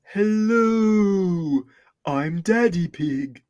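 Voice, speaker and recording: A man's voice: high voice, animated, very slow, darkish tone, lo-fi sound, pitched above the performer's own voice, exaggerated voice. A man putting on Daddy Pig, a jolly cartoon dad pig. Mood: reassuring.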